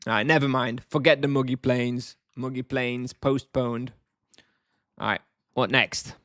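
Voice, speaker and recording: A man talks casually to his chat while he plays, wry and offhand. His voice sits at an ordinary middle pitch. The sound is dry and close, with no room echo. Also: fairly even intonation, a little slow, a bit bright. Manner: wry, offhand, answers chat between moves. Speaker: game streamer. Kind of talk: casual live-stream chat while gaming.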